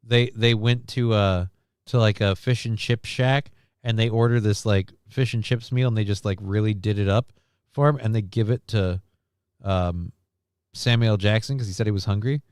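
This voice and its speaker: A man's voice: on the low side, steady tone, normal speed, darkish tone, clean tone, dry recording, studio quality. A man hosting a stream, chatting casually and joking as he reacts to news clips, rambling and swearing freely. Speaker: stream host.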